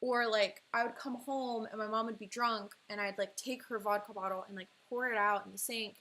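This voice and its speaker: A woman's voice: mid-range voice, steady tone, brisk, pushed and bright. A young woman in her twenties chatting on a livestream, telling a personal story in a casual, emotional way full of "like". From California. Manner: chatty, heavy use of "like", emotional, breaks into laughs. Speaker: livestream artist and host.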